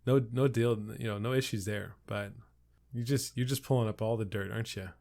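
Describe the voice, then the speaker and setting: A man's voice: on the low side, steady tone, fairly quick, creaky, darkish tone. A man co-hosting a podcast, laid-back and casual, swearing and laughing often. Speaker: podcast co-host. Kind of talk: casual chat.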